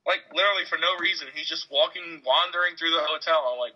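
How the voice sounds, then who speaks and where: A young man chatting casually, his voice sharp and very bright. He tells stories animatedly and acts out the people in them. The audio is dull and lo-fi. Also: a little high, fast talker. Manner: animated storyteller, acts out quotes. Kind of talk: casual chat.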